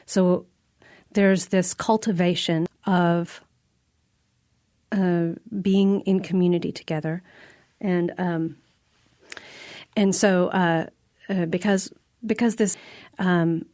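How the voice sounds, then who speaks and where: A woman with a lowish voice tells stories from her prison theater work in an earnest, reflective way. She pauses often as she finds her words. The sound is close and dry. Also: darkish tone, no echo. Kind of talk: radio interview storytelling.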